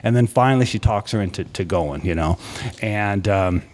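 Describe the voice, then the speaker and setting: A man's voice: lowish voice, moderate pace, darkish tone. A man hosting a podcast, animatedly retelling a story in a casual way with many restarts. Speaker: podcast host.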